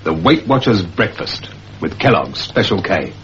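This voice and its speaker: A man's voice: low voice, sing-song, unhurried, a bit bright. Male advert narrator, chatty, faint hiss, lo-fi. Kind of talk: 1970s TV advert.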